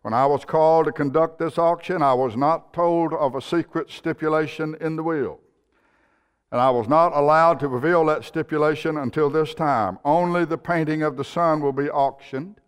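A man's voice: a little high, normal speed, clear, resonant tone, close to an everyday voice. A male preacher voicing a formal, persistent auctioneer, in a hall with long reverb. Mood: insistent. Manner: insistent, formal.

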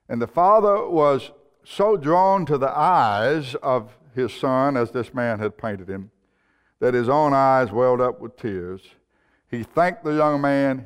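A man preaching a sermon in a church, telling a story earnestly. His voice is clear and resonant, and a long hall reverb trails each phrase. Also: mid-range voice. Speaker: pastor.

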